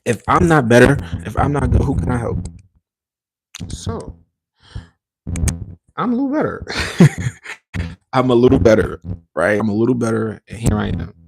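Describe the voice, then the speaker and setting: Male podcast host, gravelly, mid-pitched, loose rambling livestream chatter with slang and swearing. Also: animated, normal speed, pauses often, a little hiss or hum. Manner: rambling, emphatic, frequent restarts; slangy and profane. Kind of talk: casual livestream chat.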